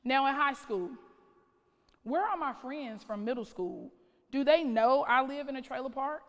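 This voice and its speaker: A woman's voice: high voice, unhurried. A woman, giving a keynote speech in dramatic strings of rhetorical questions. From North Carolina. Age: late 30s. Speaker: keynote speaker, school principal. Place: large conference hall. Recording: reverberant hall.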